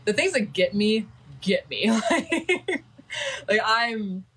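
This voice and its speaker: A woman's voice: on the high side, very animated, takes it slowly, fairly bright tone, slightly rough, poor audio. A woman chatting casually on a livestream, talking in a gushing, sentimental way.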